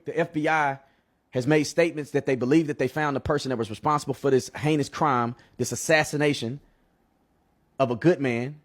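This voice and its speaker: Man, official giving a statement, measured delivery. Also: medium pitch, steady tone. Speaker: official at a press conference. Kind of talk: press statement.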